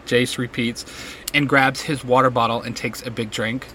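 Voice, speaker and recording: A man reading a fan fiction story aloud in a plain, steady way with small slips. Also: medium pitch, moderate pace, slight background noise. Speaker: reader.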